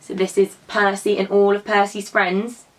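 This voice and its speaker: A woman who teaches drama to young children, telling a story and prompting them to act it out in an animated, encouraging way. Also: mid-range voice, normal speed.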